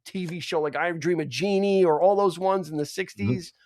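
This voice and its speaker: A man's voice: high voice, normal speed, a little mellow, dry recording. A man co-hosting a podcast, chatting casually about an old film with many restarts and fillers. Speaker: podcast co-host.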